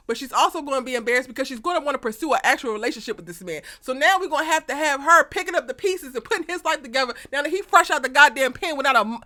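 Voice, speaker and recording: A woman's voice: sits high, pushed and bright. A woman hosting a TV episode breakdown, blunt and exasperated, cursing freely and speaking straight to her viewers. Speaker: TV recap host.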